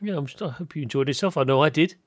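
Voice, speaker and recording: A man's voice: on the high side, rapid-fire, no echo. A man hosting a podcast interview, chatting casually and animatedly, often laughing and acting out quoted voices. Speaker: podcast host.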